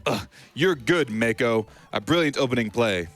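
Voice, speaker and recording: Earnest teen duelist voiced by a man, dramatic exclamations, middling pitch. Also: lively intonation, normal speed, a bit bright, faint music behind, lightly acted. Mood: determined. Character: earnest teenage boy duelist.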